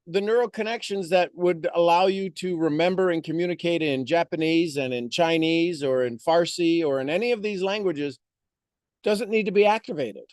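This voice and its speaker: A man's voice: high voice, a little mellow, no echo, clean studio sound. A man giving a motivational monologue on a live stream, preaching with repeated rhetorical questions.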